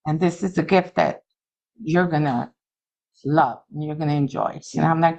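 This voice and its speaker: A middle-aged woman giving an earnest, halting personal recovery testimony at a meeting. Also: deep voice, creaky, a little mellow, rough recording. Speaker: alumni speaker at a recovery meeting. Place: meeting room.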